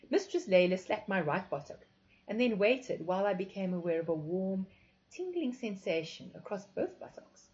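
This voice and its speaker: A woman narrating a first-person story in an expressive, confessional reading. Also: medium pitch, moderate pace. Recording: dull lo-fi recording.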